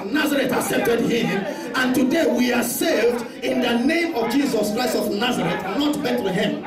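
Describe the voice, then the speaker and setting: Impassioned high-voiced preacher in an echoey hall. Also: male voice. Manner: impassioned, emphatic preaching with repetitions. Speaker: pastor. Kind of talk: sermon. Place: church hall. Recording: echoey church hall, mic at a distance, congregation audible.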